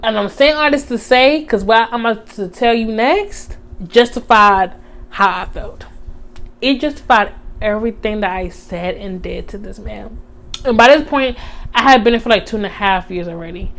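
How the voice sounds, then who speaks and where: A young woman, telling a storytime on her vlog in casual chat, animated, with many fillers, acting out the voices of others. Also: mid-range voice, normal speed. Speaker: vlogger.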